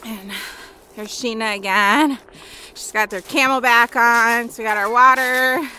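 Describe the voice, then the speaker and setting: A woman's voice: fairly high pitch, fairly even intonation, a little slow, pushed and bright, low-quality recording. Breathless woman vlogging on a windy trail. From Wisconsin. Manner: chatty, breathless, gushing about scenery. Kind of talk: casual walk-and-talk vlog. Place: outdoors on a windy rural trail. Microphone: handheld camera. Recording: wind noise on the mic.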